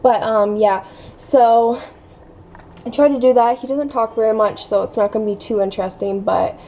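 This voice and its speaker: Young woman, casual home vlog, rambling chatty delivery, slightly high voice, faint hiss behind. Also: fairly even intonation, moderate pace, warm tone. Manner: rambling, many fillers, drops to a whisper at times. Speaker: family vlogger.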